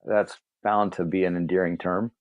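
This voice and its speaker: A man's voice: deep voice, little pitch movement, moderate pace, dry recording, narrow, tinny audio. A man co-hosting a casual podcast, joking around and laughing often with his friends. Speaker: podcast co-host. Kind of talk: casual banter among friends.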